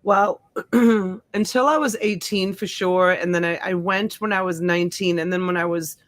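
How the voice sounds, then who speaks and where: A woman's voice: lowish voice, fairly even intonation, moderate pace, no room sound. A middle-aged woman, born in Sicily and raised in the US, hosting a casual livestream and greeting viewers by name. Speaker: livestream host. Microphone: desk USB mic.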